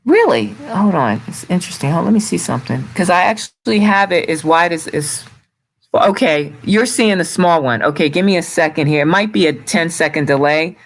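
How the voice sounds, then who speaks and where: A man hosting a casual live video chat over a call, talking in a halting, distracted way with many restarts. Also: on the high side, expressive, rough recording. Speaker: show host sharing his screen.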